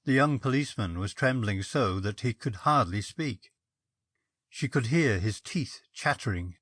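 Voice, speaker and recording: Guy reading a ghost story, measured, lively pitch, totally dry close mic. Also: no echo. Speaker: story reader. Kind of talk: audiobook narration of a ghost story.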